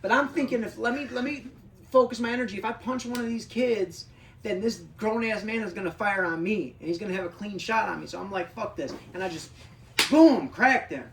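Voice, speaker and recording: A brash, profane woman guest tells a story on a podcast and gets loud as she acts out the scene. Her voice sits in a roomy space, a little away from the mic, with faint ambience behind it. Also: medium pitch, brisk, far from the mic, slight background noise. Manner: brash, profane, animated when reenacting. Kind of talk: casual storytelling.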